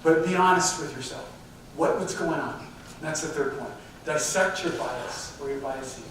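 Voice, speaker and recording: A man's voice: fairly high pitch, unhurried, fairly bright tone, slight background noise. A man giving a live talk on diversity to a company audience, speaking directly and putting questions to the listeners. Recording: very echoey hall, mic far off.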